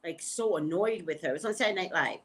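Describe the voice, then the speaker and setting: A woman hosting a casual psychic livestream, talking straight to her viewers in an animated way and laughing often, on a webcam mic at home. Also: lowish voice, quick pace.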